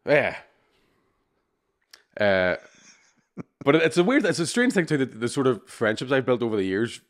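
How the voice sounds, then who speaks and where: A man's voice: medium pitch, big pitch swings, normal speed. A man telling sweary, laughing stories as a podcast co-host in casual chat.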